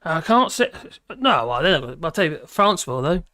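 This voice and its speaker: A woman's voice: deep voice, big pitch swings, a little fast, a bit bright, dry recording, studio quality. Tired, grumbling woman live streaming. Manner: rambling, grumbling, chatty. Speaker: live streamer reading chat comments. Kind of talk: casual live-stream chat.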